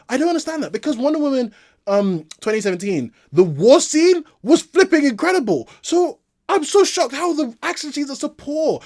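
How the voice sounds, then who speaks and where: A channel host giving a casual solo movie review, exasperated and repetitive, often breaking into laughs. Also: mid-range voice.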